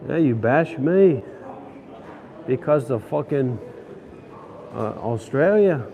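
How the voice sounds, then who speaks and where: A man's voice: medium pitch, expressive, slow, dark tone. A man vlogging while walking city streets, ranting in a frustrated, profane way. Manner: frustrated, swearing, grumbling.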